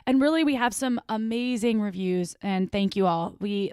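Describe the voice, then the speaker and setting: A woman's voice: medium pitch, moderate pace, few pauses, a little mellow, clear, resonant tone, no echo, studio quality. Playful woman podcast co-host. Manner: playful, tries out silly accents. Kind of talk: casual podcast chat.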